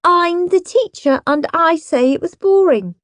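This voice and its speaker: A woman's voice: very high voice, lively intonation, unhurried, no room sound, voice pushed up. A bossy, snappish schoolgirl. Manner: snappish, imperious. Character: bossy moody girl playing headteacher.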